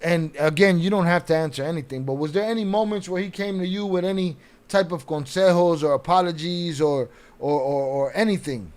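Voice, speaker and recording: A man with a high voice runs a casual livestream interview. He asks long, looping questions, swears casually and keeps nudging his guest along. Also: brisk, few pauses, darkish tone. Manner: blunt, profane, encouraging interviewer. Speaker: livestream host.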